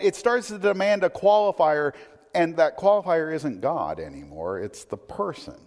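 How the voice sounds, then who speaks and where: Man preaching in a reverberant hall. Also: darkish tone. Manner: conversational teaching, rising emphatic when reading scripture, dropping low for asides. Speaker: pastor. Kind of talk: sermon.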